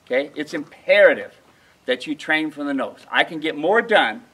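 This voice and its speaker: A man with a high, bright voice teaches mule handling outdoors at a ranch. He is folksy and emphatic and keeps checking in with his listeners. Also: lively intonation, normal speed, slight background noise, rough recording. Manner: folksy, emphatic, asks the audience questions. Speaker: mule trainer. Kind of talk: outdoor training demonstration.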